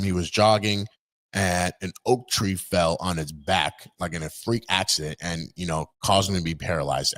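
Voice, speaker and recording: A man's voice: deep voice, a bit bright. A man hosting an opinion vlog, talking in an indignant, mocking, rambling way. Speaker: political commentator host.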